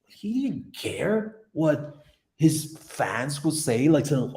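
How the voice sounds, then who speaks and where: A man in his forties chatting casually on a livestream from his office, excitable and rambling, swinging between loud bursts and hushed asides. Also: fairly high pitch, slow pace, roomy sound. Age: 40s. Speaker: livestreaming artist. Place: office room.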